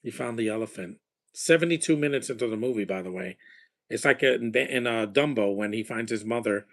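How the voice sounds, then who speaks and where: A man's voice: mid-range voice, fairly quick. Man rambling through a live movie commentary. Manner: rambling, off-the-cuff remarks with frequent restarts. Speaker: film commentator.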